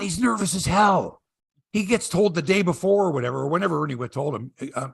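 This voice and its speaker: This middle-aged man's voice is brisk, creaky, and husky, captured in studio quality without echo. Hosting a sports podcast in casual chat, he tells stories with animation and acts out quotes in a raised, high voice.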